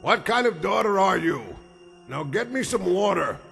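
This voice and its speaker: A gravelly, feverish dying man. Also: high voice, expressive, normal speed, fairly bright tone, big-room sound, faint music behind, full character voice. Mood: angry, demanding. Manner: pleading, then bitter and defiant. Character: feverish dying man, demanding, terrified of death. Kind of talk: dubbed drama dialogue.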